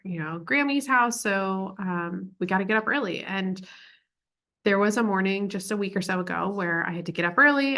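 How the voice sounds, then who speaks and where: A woman's voice: mid-range voice, sharp tone. A young woman talking through a parenting lesson in a casual, chatty way, with plenty of "like" and "um". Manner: chatty, full of "like" and "um" fillers. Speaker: parent educator. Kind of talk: casual teaching talk.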